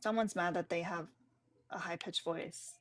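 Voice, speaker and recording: A woman with a deep voice hosting a casual chat, dry and teasing. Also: fairly even intonation, normal speed, a bit bright. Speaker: host.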